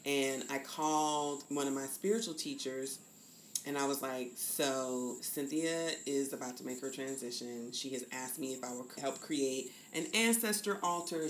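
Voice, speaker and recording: A woman's voice: extremely low pitch, moderate pace. A woman in her fifties from the American South, speaking candidly as a podcast guest and acting out the voices she quotes. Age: 50s. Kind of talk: reflective conversation. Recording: echoey room with faint noise.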